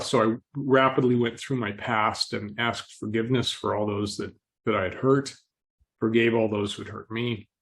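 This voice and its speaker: A man speaks as a podcast interview guest, telling his story calmly and reflectively. He clears his throat often and sounds gently amused at himself. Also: lowish voice, moderate pace.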